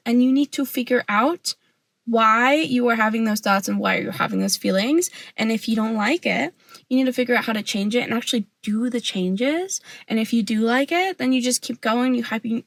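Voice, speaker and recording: A woman's voice: fairly high pitch, no echo. Sassy young woman ranting to camera. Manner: sassy, animated, lots of "like" fillers. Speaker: vlogger. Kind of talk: casual opinion rant to camera.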